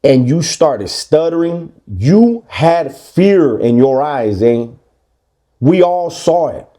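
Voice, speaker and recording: A man's voice: on the high side, big pitch swings, slow, dark tone. A middle-aged man, talking bluntly and confrontationally in a casual monologue. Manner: blunt, confrontational street talk. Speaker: commentator.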